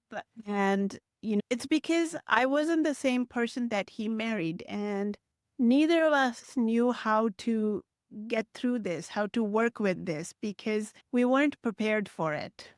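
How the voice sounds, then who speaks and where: A woman's voice: medium pitch, smooth, dry recording, studio quality. A middle-aged woman telling her own health story to camera, candid and emotional, acting out past conversations. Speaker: health vlogger.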